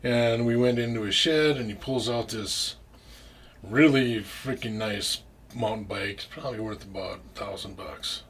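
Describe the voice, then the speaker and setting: A man's voice: fairly low pitch, measured pace, a bit bright, slight background noise. A man telling a story in casual talk, rambling with restarts and frequent swearing. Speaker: interview guest.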